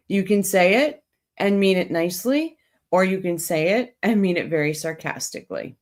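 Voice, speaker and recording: A woman's voice: on the low side, animated, a little slow. A woman hosting a true crime livestream, chatting casually with viewers and reading their comments while coming down with a cold.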